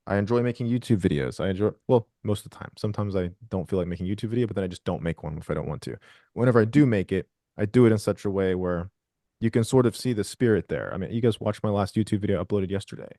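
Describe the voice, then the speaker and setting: A man with a low, mellow voice hosts a group video call. He talks in a loose, rambling way, swears freely and restarts his sentences often. The sound is close and dry. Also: fast, no echo. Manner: rambling, profane, frequent restarts. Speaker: host of a trading group call.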